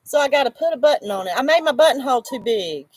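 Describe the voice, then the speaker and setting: A woman's voice: high voice, lively intonation, fast talker, darkish tone, no echo. Chatty woman on a livestream. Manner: chatty, reads comments aloud, laughs often. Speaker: livestream host, crocheter. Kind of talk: casual livestream chat. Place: outdoors in the shade.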